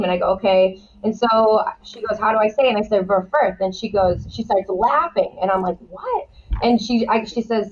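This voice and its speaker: A woman guest on a casual podcast, telling stories in a lively way and laughing easily. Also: fairly high pitch, lo-fi sound. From United States. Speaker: guest, former wheelchair tennis player.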